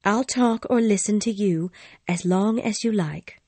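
A woman's voice: medium pitch, a little slow, darkish tone, no echo. A young woman playing a principled young governess in an audio drama, speaking earnestly and firmly while holding back tears. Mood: firm, tender. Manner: firm, earnest, restrained tearful. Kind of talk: audio drama acting and first-person narration.

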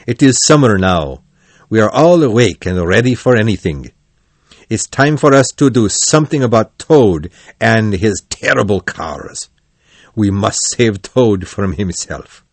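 A serious, commanding badger from a storybook, speaking loudly and firmly, voiced by a man reading aloud. The voice moves lively between high and low and stays slow and measured. It sits close and dry on the mic. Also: dry recording. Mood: solemn. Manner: loud, firm and solemn.

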